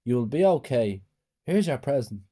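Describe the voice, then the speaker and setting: A man's voice: mid-range voice, very animated, moderate pace, mellow, breathy edge. A man voicing a mischievous young boy who talks casually and reassuringly.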